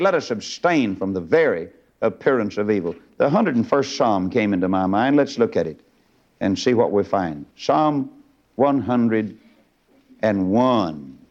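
A man's voice: animated, measured pace. Preacher man, fiery sermon, voice jumps all over, kinda muffled old tape sound. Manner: fiery, swinging from loud highs to low asides. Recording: dull lo-fi recording.

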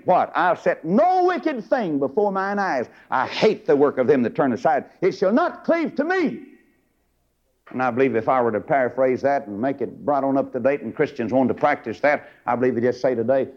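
A middle-aged preacher, delivering a fiery sermon and swinging from loud highs to low asides. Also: male voice. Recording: dull lo-fi recording.

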